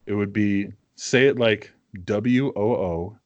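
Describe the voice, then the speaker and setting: A man with a New England accent chats casually on a podcast, blunt and teasing, and he swears freely. His voice sits fairly low. The recording is dry and close. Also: slow, no room sound, dull audio. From Massachusetts, New England. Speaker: podcast co-host. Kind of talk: casual chat.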